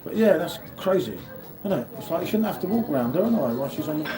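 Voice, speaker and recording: A British man with a somewhat high voice chats and jokes with viewers while live-streaming on his phone. A loud, busy airport crowd fills the background. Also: very animated, quick pace. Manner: chatty, jokey, reads out viewer comments. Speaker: beer vlogger on a live stream. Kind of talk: casual live-stream chat. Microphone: phone held by the speaker. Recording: loud crowd noise around.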